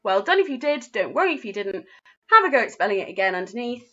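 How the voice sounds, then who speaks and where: Bright-voiced English teacher spelling words slowly. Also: female voice, fairly high pitch, very animated, highs cut off. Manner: slow, clearly spelled-out words with encouraging praise. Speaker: primary school teacher. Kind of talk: phonics lesson for young children.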